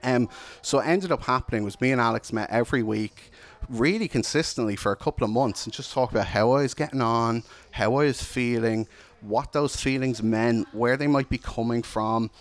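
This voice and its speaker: At normal speed and medium pitch, a man shares a personal testimony, telling an audience a candid, reflective story of his own struggle.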